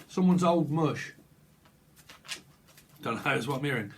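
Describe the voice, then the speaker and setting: A man's voice: mid-range voice, expressive, a little slow, vocal fry. A man with a British accent giving a solo tarot reading, rambling and joking as he talks himself back on track. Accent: British English. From Britain. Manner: rambling, jokey, self-interrupting. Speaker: tarot reader.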